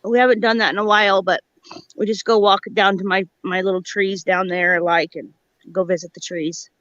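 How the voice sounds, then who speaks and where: Rambling woman guest, higher voice, muffled dry phone audio. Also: fairly even intonation, normal speed, fairly bright tone, no echo. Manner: rambling, searches for words. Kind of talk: casual chat.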